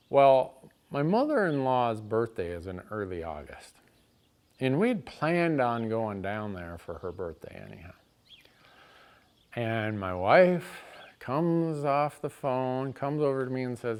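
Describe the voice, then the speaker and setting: A man's voice: mid-range voice, lively intonation, measured pace, darkish tone. A man telling a funny story from his own life in a shop. He talks casually with wry asides and often restarts a sentence mid-thought. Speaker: storyteller on an outdoors show. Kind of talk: casual spoken anecdote.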